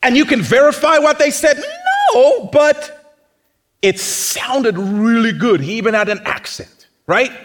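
A man's voice: extremely high pitch, animated, a little slow, slight background noise. A man preaching a sermon in a conversational, teasing way, often acting out mocking quotes.

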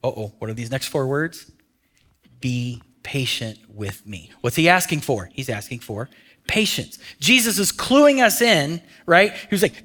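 A man preaching a sermon in a conversational way, asking his listeners questions and dropping to a hush on key phrases. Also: medium pitch, big pitch swings, unhurried. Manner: conversational, asks the audience questions. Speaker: pastor.

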